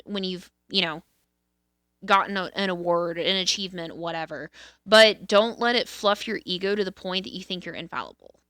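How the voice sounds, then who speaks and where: A woman's voice: medium pitch, sharp tone, no echo, clean studio sound. A woman co-hosting a podcast in casual, candid chat, swearing freely and restarting her sentences often. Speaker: podcast co-host.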